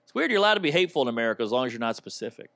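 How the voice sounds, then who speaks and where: A man's voice: medium pitch, big pitch swings, rapid-fire, a bit bright, no echo. A man performing a stand-up comedy set on stage into a handheld mic, with a wry, mock-offended delivery.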